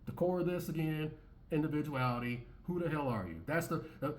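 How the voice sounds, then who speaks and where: A man's voice: on the high side, lively intonation, fast talker. A man hosting his own commentary channel, talking bluntly and repetitively with many restarts and swearing, reacting to clips in an opinionated monologue.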